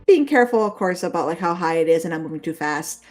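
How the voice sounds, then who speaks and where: A woman's voice: lowish voice, lively intonation, fast talker, a little mellow, soft background music. A woman playing in a tabletop game, narrating her character's actions in a chatty, giggly way with many fillers. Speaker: player.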